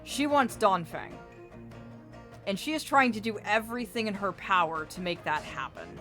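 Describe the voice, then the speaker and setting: A woman's voice: mid-range voice, animated, moderate pace, a bit bright, soft background music. A woman streaming a game, chatting casually and theorizing in a playfully dramatic way.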